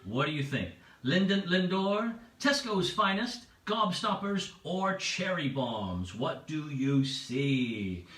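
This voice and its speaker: A bright-voiced man hosts a home pub quiz, chatty and playful as he repeats each option. His pitch swings widely. He sits back from the mic in an echoey room. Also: very animated, slow, few pauses, distant mic. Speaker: quiz host. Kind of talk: livestream pub quiz hosting.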